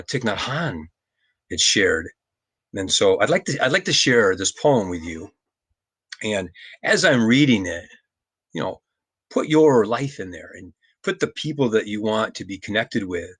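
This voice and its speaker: A middle-aged man giving a reflective motivational talk on mindfulness, gentle and earnest, often repeating his phrases. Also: fairly low pitch, breathy edge, dry recording. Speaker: mindfulness speaker.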